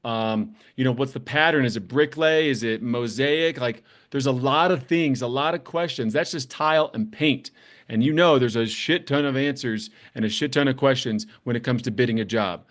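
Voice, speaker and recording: A man's voice: medium pitch, moderate pace. A man hosting a construction business show, giving blunt, plainspoken advice and telling stories, with the odd swear word. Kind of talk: casual advice talk to camera.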